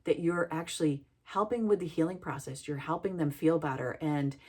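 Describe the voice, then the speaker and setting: A woman's voice: sits low, moderate pace, warm tone, breathy edge. A middle-aged woman, a healthcare worker, giving an earnest, heartfelt reflective talk about listening.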